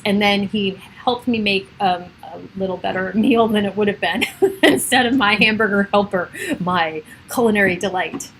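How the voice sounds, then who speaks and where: A woman's voice: medium pitch, normal speed, a little hiss or hum, poor audio. A middle-aged woman hosting a casual livestream from her home, rambling and chatty, laughing often. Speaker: livestream host. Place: home with children and pets around.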